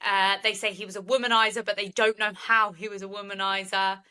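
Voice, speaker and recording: A woman's voice: mid-range voice, level tone, brisk, pushed and bright, clear, resonant tone, poor audio. A woman, co-hosting a podcast and retelling a case in earnest, opinionated chat. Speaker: true crime podcast co-host.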